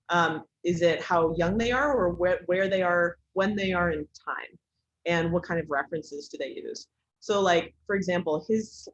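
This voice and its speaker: A woman teaching an online class in a casual way, with many ums and likes. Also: fairly low pitch. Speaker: instructor. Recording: dull lo-fi recording.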